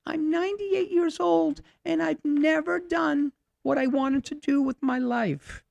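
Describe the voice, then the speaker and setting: Male storyteller voicing a fragile weepy woman of ninety-eight, high and faint, told on talk radio. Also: unhurried, gravelly, darkish tone, no echo, highs cut off, full character voice. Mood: tearful. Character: frail tearful 98-year-old woman.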